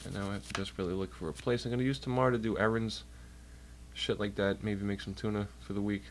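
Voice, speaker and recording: A man's voice: fairly low pitch, steady tone, fast talker, a little hiss or hum. A man chatting casually on a livestream from home, rambling and swearing while doing chores. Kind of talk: casual rambling stream chat. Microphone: computer mic while streaming.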